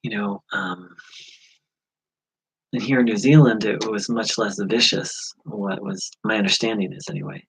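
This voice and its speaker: A man from the USA talking through a personal spiritual insight, halting, with many fillers and restarts. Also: on the low side, fairly even intonation, creaky, fairly bright tone, husky, poor audio. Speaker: spiritual teacher. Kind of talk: reflective spiritual vlog.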